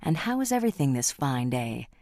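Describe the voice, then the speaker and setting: A woman's voice: a bass voice, very animated, a little fast, mellow, no echo, studio quality, full character voice. A woman voicing a pious older shopkeeper father who stutters and then screams in rage. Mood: flustered.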